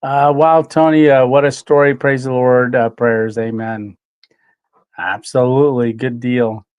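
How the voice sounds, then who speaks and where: Soft-spoken emotional man on live stream. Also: medium pitch, little pitch movement, clear, resonant tone, highs cut off. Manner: emotional, pauses often with fillers. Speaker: channel host. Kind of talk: live stream chat reading comments.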